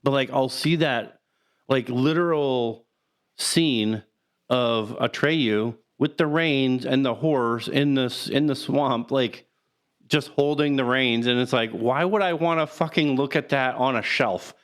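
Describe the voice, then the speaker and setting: Male podcast co-host, smooth voice, halting casual film talk. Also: mid-range voice. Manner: rambling, halting, laughs through sad moments.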